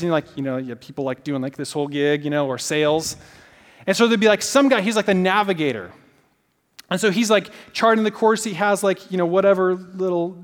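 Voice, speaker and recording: A man preaching a sermon, telling stories animatedly with lots of casual fillers. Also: high voice. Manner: animated storytelling with many fillers. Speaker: pastor. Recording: long reverb of a large hall.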